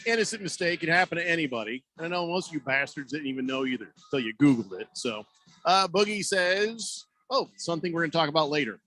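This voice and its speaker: A man's voice: a little high, expressive, quick pace, bright, forceful tone, soft background music. A man hosting a sports radio show in a loose, joking way, a little out of breath, rambling and restarting as he tells a story. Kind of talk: casual sports radio talk. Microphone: studio microphone.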